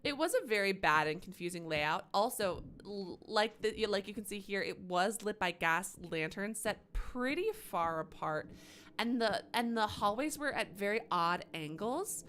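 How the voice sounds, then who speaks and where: Woman game streamer, chatty, sarcastic asides, lively swooping pitch, faint hum behind. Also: moderate pace. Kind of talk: live gameplay commentary.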